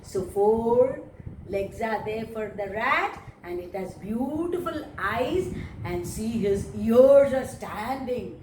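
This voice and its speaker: A woman teaching young children about animals, talking in a slow, emphatic, sing-song way. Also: fairly high pitch, expressive, darkish tone, reverberant, recorded from a distance, a little hiss or hum, rough recording.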